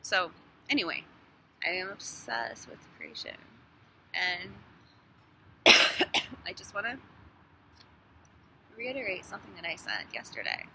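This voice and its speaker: A woman talks openly to her camera in a casual vlog, her pitch swinging up and down as she speaks. She is frank and swears freely. Steady noise sits behind her voice. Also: a little slow, long pauses, poor audio. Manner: animated, swears, laughs between thoughts. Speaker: hairstylist vlogger. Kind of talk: casual phone monologue. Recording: noticeable background noise.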